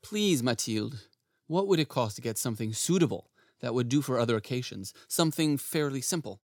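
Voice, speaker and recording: An actor playing a mild, eager-to-please clerk husband in an audio drama, speaking in a gentle, coaxing way. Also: male voice, mid-range voice, expressive, brisk, no room sound. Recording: dry close studio sound.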